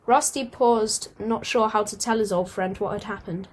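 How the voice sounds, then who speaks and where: A woman's voice: medium pitch, measured pace, hardly any pauses. Woman reading a storybook aloud. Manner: steady reading with occasional stumbles and restarts. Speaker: audiobook reader.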